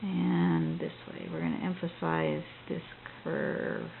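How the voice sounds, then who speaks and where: Gravelly woman chatting through a drawing lesson. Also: fairly low pitch, huge pitch swings, slow. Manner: chatty and rambling, with frequent restarts. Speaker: drawing instructor. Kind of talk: casual drawing tutorial, thinking aloud. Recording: tinny phone-like audio with faint noise.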